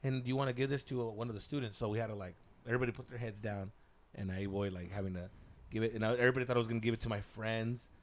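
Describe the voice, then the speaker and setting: A man's voice: lowish voice, steady tone, rapid-fire, a little hiss or hum. A young man co-hosting a podcast, telling rambling, profane stories in casual chat and dropping Spanish slang as he acts out other people's lines. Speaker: podcast co-host.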